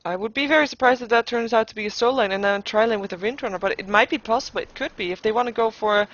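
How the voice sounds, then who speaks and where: A woman's voice: on the high side, rapid-fire, fairly bright tone, no echo. A woman giving live game commentary as caster, thinking aloud with playful asides and frequent restarts. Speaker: esports caster. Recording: dull lo-fi recording.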